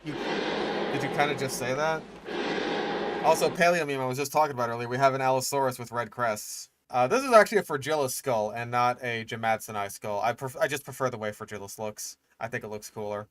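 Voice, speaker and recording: A man's voice: mid-range voice, fast, a bit bright. A young man streaming casual reaction commentary, exasperated and sarcastic, swearing often.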